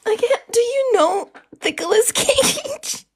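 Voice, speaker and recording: A woman's voice: very high-pitched, expressive, slow. A woman streamer reacting on a live stream, laughing so hard she is half crying.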